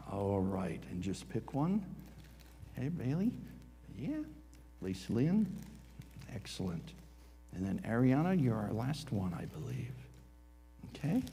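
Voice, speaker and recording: A man's voice: medium pitch, a little mellow. A man with a Midwestern American accent, a pastor speaking with children and leading a prayer in a friendly, chatty way. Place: church sanctuary. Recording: church hall reverb, faint hum.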